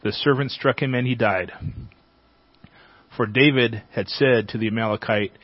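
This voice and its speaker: A man reading a Bible chapter aloud as a teacher, at a measured pace. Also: medium pitch, steady tone, dry recording. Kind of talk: scripture reading. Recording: dull, dry lo-fi sound.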